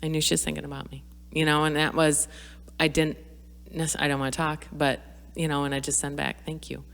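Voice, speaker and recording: A middle-aged woman speaking earnestly and reflectively as a podcast guest, pausing and restarting her thoughts. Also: low-pitched, little pitch movement, vocal fry, fairly bright tone, big-room sound. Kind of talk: candid personal conversation.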